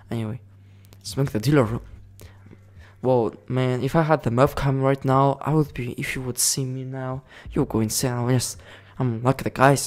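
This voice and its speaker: A man chatting through a video game in loose, rambling commentary. He giggles often and swears freely, in a voice of ordinary middle pitch. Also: fairly even intonation, normal speed, darkish tone. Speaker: gaming video creator.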